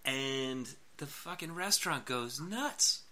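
A man's voice: medium pitch, lively intonation, slow, sharp tone. A man in his late thirties telling a long rambling story in casual chat, laughing often and acting out what people said. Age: late 30s.

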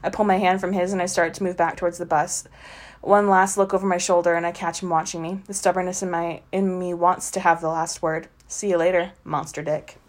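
A woman's voice: lowish voice, a little fast. Sarcastic woman reading a trashy novel. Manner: sarcastic, giggly, deadpan asides. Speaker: podcast co-host reading a novel aloud. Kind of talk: mocking dramatic reading with commentary.

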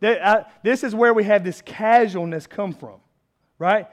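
A man's voice: high-pitched, measured pace. A man in his thirties preaching a sermon as a pastor, conversational and self-deprecating, building to emphatic peaks.

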